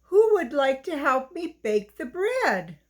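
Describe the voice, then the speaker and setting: A woman's voice: sits high, sing-song, takes it slowly, full character voice. A woman voicing a tired, hardworking mother hen in a children's story, speaking patiently.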